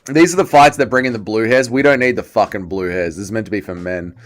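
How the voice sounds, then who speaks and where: A man's voice: fairly low pitch, fast talker, faint music behind. A young Australian man hosting a livestream, giving crude, mocking commentary on fights and answering chat. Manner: profane, mocking, reads chat aloud. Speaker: livestream host. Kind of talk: casual fight-watching commentary.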